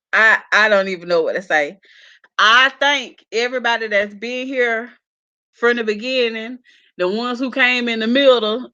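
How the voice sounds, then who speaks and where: A woman's voice: fairly high pitch, sharp tone, highs cut off. A woman, chatting casually on a live stream as she reads viewers' comments aloud and laughs along with them. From South Carolina. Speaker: YouTube gossip vlogger reading live comments.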